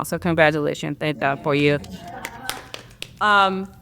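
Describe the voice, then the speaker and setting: A woman's voice: deep voice, a bit bright, clear, resonant tone. A woman hosting a podcast interview, talking casually with lots of "like" and "you know" fillers, encouraging her listeners. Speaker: podcast host.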